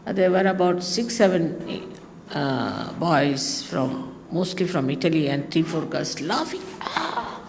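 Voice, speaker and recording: A woman's voice: sits low, animated, unhurried, creaky, a little mellow, big-room sound, a little hiss or hum. A woman from India with an Indian accent, a spiritual teacher giving a chatty talk to her followers, full of anecdotes and wry asides. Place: large hotel hall.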